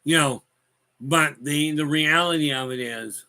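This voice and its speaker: A man's voice: a little high, a little slow, vocal fry, pushed and bright. A man casually chatting as host, telling rambling, wry stories and answering viewer comments. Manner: rambling, wry, folksy storyteller who reads viewer comments aloud. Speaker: host of a live talk stream. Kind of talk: casual storytelling chat.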